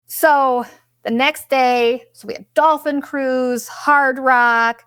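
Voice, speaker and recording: A young woman hosting a podcast, telling a vacation story in a blunt, profane, animated way and acting out what people said. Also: sits high, unhurried, clean tone, no echo, clean studio sound. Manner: blunt and profane, animated retelling with quoted asides. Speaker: podcast host. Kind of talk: casual storytelling monologue.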